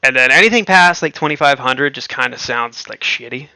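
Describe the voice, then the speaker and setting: Gravelly, bright-voiced man rambling casually. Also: medium pitch, expressive, brisk, no room sound. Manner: rambling, filler-heavy, laughs often. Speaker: livestream host. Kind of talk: casual livestream chat.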